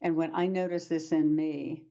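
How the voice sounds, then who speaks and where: A woman's voice: low-pitched, flat delivery, moderate pace, dark tone, lo-fi sound. A woman presenting a workshop lecture to practitioners, talking in a conversational way and acting out short quoted exchanges.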